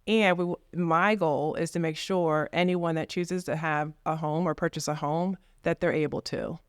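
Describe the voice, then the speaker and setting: A woman real estate agent as a guest on a casual podcast, telling stories in a lively way and acting out the voices she quotes. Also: deep voice, moderate pace, clear, resonant tone, no echo, studio quality. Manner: lively storyteller who acts out quoted voices.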